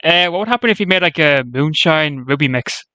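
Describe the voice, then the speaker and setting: A man's voice: a little high, lively intonation, fairly quick, sharp tone, no echo. A man hosting a casual, joking online interview and teasing his guests. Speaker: interview host.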